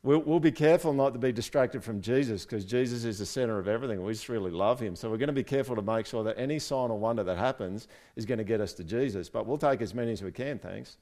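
A man's voice: medium pitch, fast talker, few pauses, mellow. A man preaching a casual, conversational sermon, with joking asides and frequent "right?" check-ins to his listeners. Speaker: pastor.

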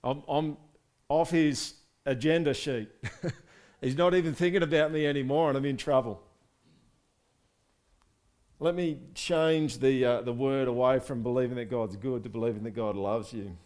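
A man as pastor preaching a sermon at a church service, lively and asking the congregation questions. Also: mid-range voice, normal speed, long pauses.

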